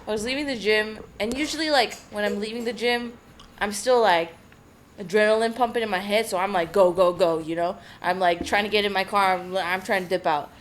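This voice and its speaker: A woman co-hosting a casual podcast, telling an animated story and swearing freely. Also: medium pitch, brisk, slight background noise. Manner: swears a lot, animated retelling with quoted voices. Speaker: podcast co-host.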